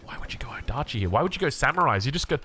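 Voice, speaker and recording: A man's voice: medium pitch, sing-song, racing, pushed and bright. An Australian man casting a strategy game, chatty and self-mocking, drifting into rambling asides. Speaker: game caster. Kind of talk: casual game commentary.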